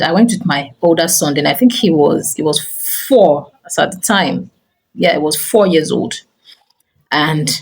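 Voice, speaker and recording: A middle-aged woman, a teacher and school owner giving parenting advice, tells a personal story to camera. Her voice is on the low side, she is an animated storyteller who often says "you know," and the audio is poor.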